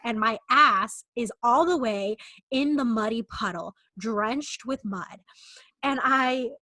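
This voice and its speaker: A woman's voice: a little high, pushed and bright, no echo. A young adult woman co-hosting a podcast, telling a rambling, self-mocking story in a casual chat. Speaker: podcast co-host.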